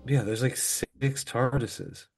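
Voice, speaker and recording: A man co-hosts a casual watch-along podcast, tossing out blunt wisecracks at a mid-range pitch. Faint music plays behind him. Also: steady tone, takes it slowly, a little mellow. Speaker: podcast co-host.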